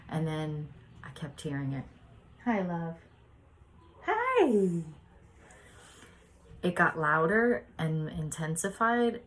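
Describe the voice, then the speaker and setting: Woman, low voice, spiritual podcast host; loose, rambling, heartfelt storytelling. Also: a little hiss or hum. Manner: rambling, earnest, many "like" fillers. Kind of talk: casual spiritual reflection and storytelling.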